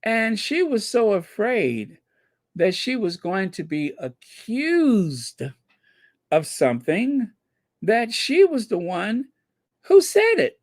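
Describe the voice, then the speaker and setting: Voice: mid-range voice, very animated, slow, dry recording. A channel host giving commentary on viewer comments, emphatic and repeating key points for effect.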